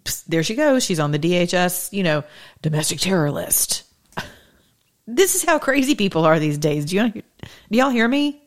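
Sassy low-voiced woman talk host. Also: moderate pace, long pauses. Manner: animated, sassy, rhetorical questions, Southern "y'all". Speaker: political talk show host. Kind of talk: opinionated monologue to listeners.

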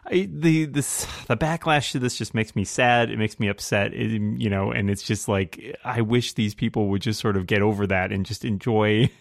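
A man's voice: on the low side, fairly even intonation, normal speed, gravelly, hardly any pauses, no room sound, clean studio sound. A man on a podcast panel talking earnestly, full of restarts and hesitations. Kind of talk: casual chat.

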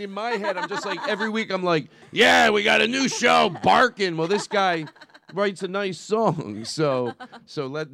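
A man hosting a podcast in casual, rambling chat, often breaking off mid-sentence and laughing. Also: high voice. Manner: animated, rambling, self-interrupting, laughs often. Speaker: podcast host.

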